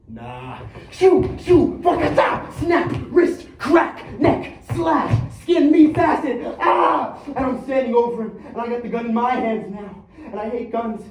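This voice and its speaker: A man's voice: sits high, mellow, slight background noise, close to an everyday voice. An actor on a theater stage playing a streetwise young man who believes he is Batman, talking in slang and acting out fights with sound effects. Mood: intense. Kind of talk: theatrical monologue. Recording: echoey stage recorded from far off.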